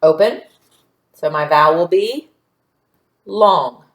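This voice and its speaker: A woman teaching a phonics lesson to young children, patient and sounding out word parts slowly. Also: fairly low pitch. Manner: slow, patient, stretching out sounds. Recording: echoey room.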